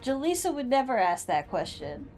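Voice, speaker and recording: A woman's voice: high voice, very animated, normal speed, gravelly, a little mellow, soft background music. A woman playing a tabletop game, chatting casually and asking curious questions. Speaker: player.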